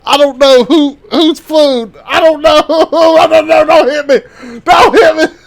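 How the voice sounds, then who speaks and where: A man voicing a young male gang thug who has been captured, whimpering, pleading and yelling in panic. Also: extremely high pitch, fairly even intonation, slow pace, vocal fry, full character voice.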